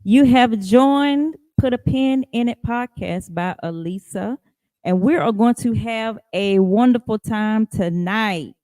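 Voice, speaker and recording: A woman hosting a casual podcast, chatty and lively, greeting listeners by name and laughing often. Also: fairly high pitch, slow pace, no room sound. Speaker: podcast host. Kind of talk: casual live podcast chat.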